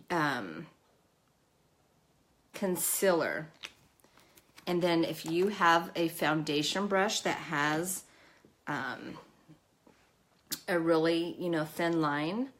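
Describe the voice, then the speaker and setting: Over slight background noise, a woman with a fairly low voice hosts a casual live makeup tutorial. She chats nervously, pokes fun at herself while working, and lets out a nervous cough.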